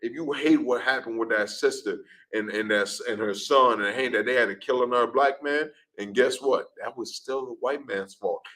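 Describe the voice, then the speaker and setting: Preaching to a street-talk class, this speaker is emphatic and repetitive, acts out scenes, and keeps tagging "man" onto his lines. His medium-pitched voice has a sharp tone and runs at a moderate pace with hardly any pauses, captured in a rough recording.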